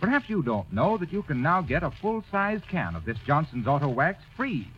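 A man announcing a persuasive 1930s radio advertisement. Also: fairly high pitch. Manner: smooth, persuasive salesman delivery. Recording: lo-fi old radio broadcast.

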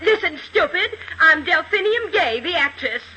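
A shrill, snooty actress. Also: female voice, animated, moderate pace, pushed and bright, lo-fi sound, exaggerated voice. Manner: shrieking, snooty. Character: haughty young actress, shrill and indignant. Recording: noisy old radio recording.

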